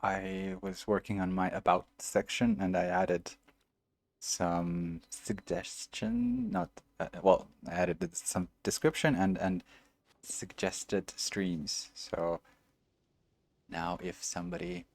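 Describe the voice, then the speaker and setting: A man's voice: sits low, big pitch swings, slow pace, vocal fry, dry recording. A man streaming a video game, chatting casually and answering viewers while he plays. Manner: chatty, reads and answers viewers, muses aloud. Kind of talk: casual let's-play chat.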